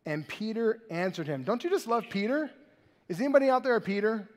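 A pastor preaching a sermon in an animated, conversational way, in a large church hall. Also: male voice, sits high, a little fast.

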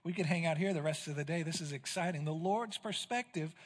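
Male pastor, sermon, high voice, dramatic loud-to-hushed swings, long hall reverb. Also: fairly quick. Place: church sanctuary.

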